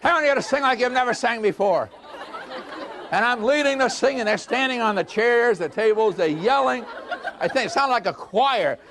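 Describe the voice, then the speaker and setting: A man's voice: extremely high pitch, normal speed, slight background noise. An older man giving a customer service seminar, telling stories with acted-out dialogue and frequent laughter. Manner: animated storyteller, acts out dialogue, laughs often. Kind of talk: storytelling seminar talk.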